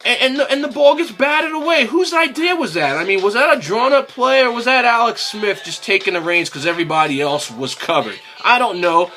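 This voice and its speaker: A young man hosting a fan video, ranting in exasperation about his football team, swearing and climbing to near-shouts. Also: high voice, expressive, a little fast, hardly any pauses, faint music behind. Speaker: sports fan video host. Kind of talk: ranting football recap vlog.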